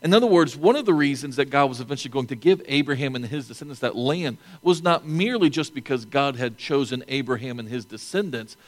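A man's voice: medium pitch, animated, quick pace, few pauses, in a large hall. A man preaching a sermon to a congregation in a conversational way, with asides and restarts. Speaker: pastor.

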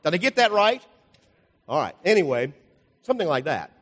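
A man's voice: a little high, big pitch swings, moderate pace, fairly bright tone. Older man preaching in an echoing hall. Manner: folksy and rambling, with jokes and asides. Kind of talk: sermon with slide illustrations. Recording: long hall reverb.

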